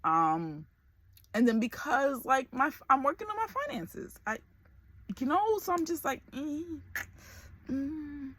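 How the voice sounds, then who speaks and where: A woman's voice: high-pitched, sing-song, takes it slowly, fairly bright tone. A woman in her forties talking candidly to camera in a personal vlog, emotional and close to tears. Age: 40s. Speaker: vlogger.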